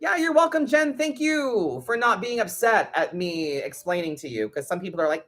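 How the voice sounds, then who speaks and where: A woman's voice: mid-range voice, lively intonation, moderate pace, few pauses, fairly bright tone. A woman hosting a live tarot stream, chatting casually and bluntly with viewers and swearing freely. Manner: blunt and sweary, talks straight to the chat.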